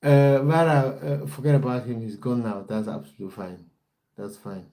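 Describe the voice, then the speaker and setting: A man's voice: mid-range voice, moderate pace, mellow. A young man, hosting a casual football livestream, chatting with viewers and reading out their comments. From based in the United Kingdom. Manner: chatty, reads out chat comments, restarts often. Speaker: football coach and livestream host.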